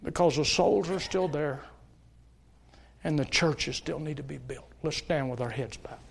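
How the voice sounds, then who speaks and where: A man's voice: a little high, a little slow, creaky, breathy edge. A middle-aged man preaching a sermon at a church service, telling stories and pleading earnestly with the congregation. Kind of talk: sermon with altar call.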